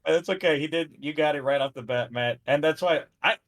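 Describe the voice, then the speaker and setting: A man's voice: fairly high pitch, a little fast. A man co-hosting a reaction video over a call, chatting casually and laughing easily. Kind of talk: casual chat.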